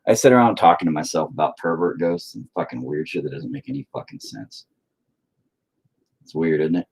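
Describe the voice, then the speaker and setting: A man's voice: extremely low pitch, fairly quick, darkish tone, slight background noise. A man rambling to himself while painting, profane and self-deprecating. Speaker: painter talking to camera. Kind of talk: rambling casual monologue.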